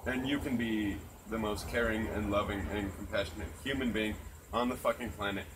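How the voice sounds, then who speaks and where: A man's voice: on the low side, steady tone, fairly quick, noisy background. A man in casual chat, talking earnestly and reflectively and swearing freely, outdoors at night. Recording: crickets chirping loudly behind.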